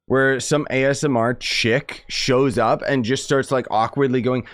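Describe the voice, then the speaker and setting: A man's voice: mid-range voice, fairly even intonation, measured pace, a bit bright, no echo. A man streaming a game, chatting casually, rambling and joking with lots of restarts. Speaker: gaming streamer. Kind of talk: casual gameplay chat.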